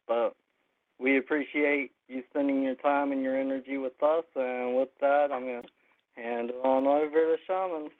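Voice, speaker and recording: A male co-host thanking listeners in a friendly, halting way. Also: medium pitch, fairly even intonation. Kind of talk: casual greeting. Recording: tinny phone-line sound.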